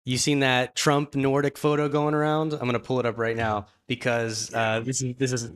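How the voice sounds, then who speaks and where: A man's voice: medium pitch, little pitch movement, moderate pace, smooth. A man with a mid-range voice, co-hosting a livestream. He rambles in a casual way, stopping and restarting his sentences as he goes. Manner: rambling, many fillers and restarts. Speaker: podcast co-host.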